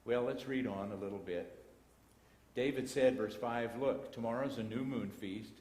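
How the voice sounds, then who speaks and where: A man's voice: medium pitch, moderate pace, a little mellow. Texan man teaching in echoey church. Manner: reads scripture aloud, breaks into folksy asides. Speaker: Bible class teacher. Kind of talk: Bible class teaching. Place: church auditorium. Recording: echoey church hall broadcast.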